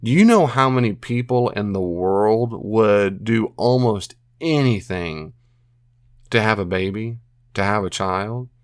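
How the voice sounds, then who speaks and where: A man's voice: fairly low pitch, measured pace, smooth, no room sound, studio quality. A man giving earnest, casual advice as a podcast host, repeating phrases and acting out his own self-talk. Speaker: podcast host answering a listener.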